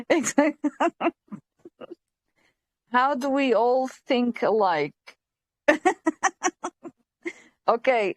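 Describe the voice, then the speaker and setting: A woman hosting a casual chat, telling an animated story with lots of quoting, laughing and restarts. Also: fairly high pitch, very slow, pauses often, no room sound. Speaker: host.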